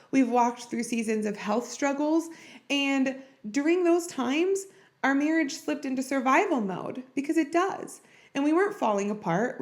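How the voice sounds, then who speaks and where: A woman hosting a podcast, speaking in a heartfelt, personal and encouraging way about faith and marriage. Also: on the high side. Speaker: podcast host. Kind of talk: earnest faith-based marriage talk.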